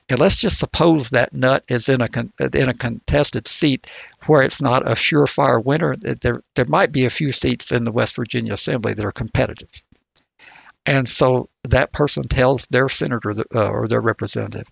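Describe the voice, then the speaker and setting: Snarky guy co-hosting a podcast, super gravelly and husky, dry close sound. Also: medium pitch, moderate pace, no room sound. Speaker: podcast co-host. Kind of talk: casual chat.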